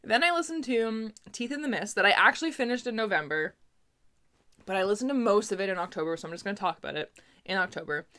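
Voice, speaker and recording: A young Canadian booktuber chats casually about books she's read, laughing a lot and sprinkling in small asides. She talks fast in a mid-range, slightly bright voice with lively intonation.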